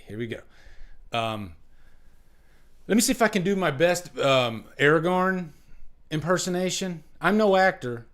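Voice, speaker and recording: A man hosting a casual live stream chat over a webcam, rambling, repeating himself and filling pauses with fillers. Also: fairly high pitch, lively intonation, fairly bright tone.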